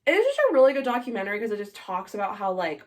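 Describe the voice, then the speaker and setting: Young woman with a mid-pitched voice, opinionated. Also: big pitch swings, racing. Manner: chatty, opinionated, heavy use of "like". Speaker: podcast co-host. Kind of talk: casual chat.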